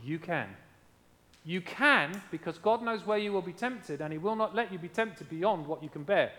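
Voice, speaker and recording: A man's voice: high-pitched, animated, moderate pace, bright, forceful tone, long reverb tail. A man preaching a sermon as pastor, emphatic, repeating key lines and asking his congregation how they are doing.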